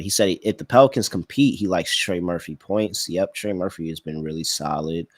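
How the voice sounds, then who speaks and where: A man with a low voice hosts a sports betting podcast as a casual live-stream chat, thinking out loud and responding to comments from viewers. There's no room sound on the recording.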